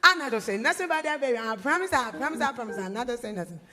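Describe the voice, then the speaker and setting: A woman's voice: a little high, animated, very fast, bright, forceful tone. A woman voicing a mischievous young boy who begs his mother and promises to behave, in a comedy recording. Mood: pleading. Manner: whiny, insistent promising.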